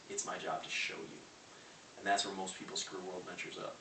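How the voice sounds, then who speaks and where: A young man with a deep, fairly even voice speaks a little fast as a network marketing presenter. He delivers a brash motivational sales pitch to a live audience in a large room of a house, hitting the crowd with punchy rhetorical questions. The recording sounds roomy and distant, with faint hiss.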